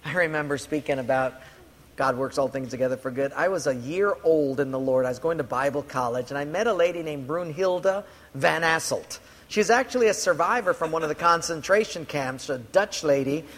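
A man's voice: a little high, brisk, fairly bright tone. A man preaching a sermon, telling a personal story earnestly and repeating key lines for emphasis. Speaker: pastor. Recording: long hall reverb, faint room noise.

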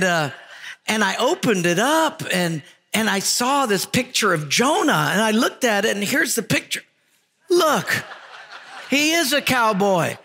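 A middle-aged male pastor preaching a folksy, animated sermon, telling funny stories and acting out their voices. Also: sits high. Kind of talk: sermon with storytelling. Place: church hall. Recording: long reverb of a large hall, music faint behind.

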